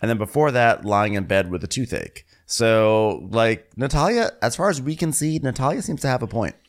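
A man's voice: medium pitch, lively intonation, normal speed. A man co-hosting a podcast, recapping events in an easygoing, comedic way and quoting people in mock voices. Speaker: podcast co-host. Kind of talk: casual comedic recap chat.

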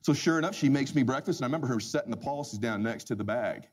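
A man telling a humorous personal story as a motivational speaker, animated and emphatic. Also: medium pitch, racing. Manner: animated, emphatic, swings loud and soft.

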